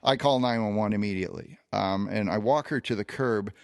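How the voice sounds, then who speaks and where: A man's voice: lowish voice, a little fast, gravelly, no room sound, studio quality. A man co-hosting a podcast, recounting a long personal anecdote in a casual storytelling way, with plenty of fillers and restarts. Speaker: podcast co-host.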